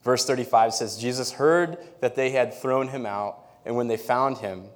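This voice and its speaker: A man's voice: mid-range voice, moderate pace, few pauses. A man preaching a sermon in a conversational way, laughing now and then and reading scripture aloud. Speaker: pastor.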